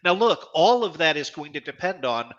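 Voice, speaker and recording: A man's voice: on the high side, very animated, moderate pace, lo-fi sound. A man co-hosting a live-stream panel, explaining legal points emphatically with some swearing. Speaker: podcast co-host.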